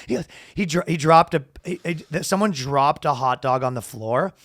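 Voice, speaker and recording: A man, telling a funny story on a casual podcast and acting out shouted quotes. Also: on the high side, moderate pace, no room sound, clean studio sound. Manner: animated, acts out announcers with loud shouted quotes. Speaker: podcast co-host.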